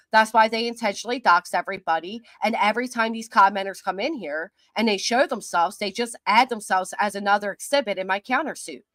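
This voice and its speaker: A woman's voice: medium pitch, a bit bright. A middle-aged woman talks back to her viewers' comments, sarcastic and defiant, and breaks into laughter often. Her voice sits in a middle register. It is recorded close up in a dry space with no echo. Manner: mocking, defiant, quick to laugh. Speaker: commentary channel host. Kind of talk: livestream reading and answering viewer comments.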